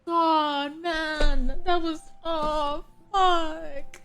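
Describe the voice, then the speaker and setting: A woman's voice: sits high, steady tone, drawn-out words, fairly bright tone, soft background music. A woman streamer at home reacting on a live stream, tearful, swearing and laughing through tears.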